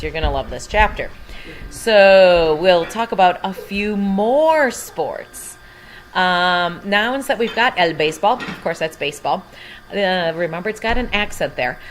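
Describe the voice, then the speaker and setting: A woman's voice: lowish voice, fairly bright tone, a little hiss or hum. A woman teaching a Spanish lesson from home, patiently explaining each word in English. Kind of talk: recorded language lesson.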